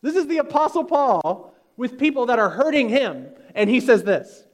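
A man's voice: very high voice, sing-song, moderate pace. A pastor preaching a sermon, emphatic and full of rhetorical questions to his congregation.

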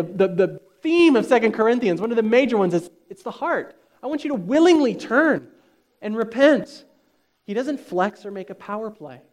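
A man's voice: high voice, a little mellow. A pastor preaching a sermon, emphatic and full of rhetorical questions to his congregation.

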